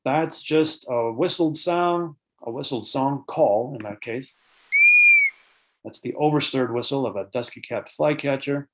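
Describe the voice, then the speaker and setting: A man's voice: mid-range voice, unhurried, very noisy. A man giving a lecture on bird sounds at an online conference, explaining terms with frequent fillers and answering audience questions between points. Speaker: birding author and presenter.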